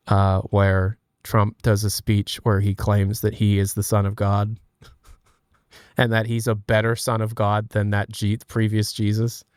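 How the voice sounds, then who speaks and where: A man's voice: lowish voice, a little mellow, smooth, no room sound, studio quality. A man streaming from home, chatting casually, joking and laughing at his own bits. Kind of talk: casual chat.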